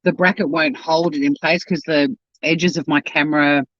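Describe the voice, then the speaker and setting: A man with a voice pitched a little high chats away on his live-stream, rambling from one thing to the next between bites and talking with his mouth full. The sound is dry and close, with a slightly muffled, lo-fi camera-mic quality. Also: steady tone, moderate pace, a bit bright, dry recording. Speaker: YouTube channel host. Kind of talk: casual live-stream chat while eating. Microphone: home live-stream camera mic.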